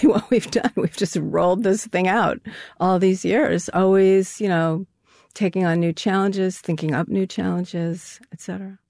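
An older woman speaks in a low, gravelly voice and keeps up a loose, chatty flow as an interview guest. She laughs often. The recording is dry and close, with no room sound. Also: a little mellow, no echo. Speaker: guest, co-founder of an anonymous artist collective. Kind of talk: casual interview conversation.

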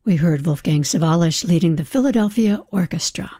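Woman, classical radio host, warm mellow tone, dry studio sound. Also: lowish voice, a little fast, husky, no room sound. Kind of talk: radio announcing.

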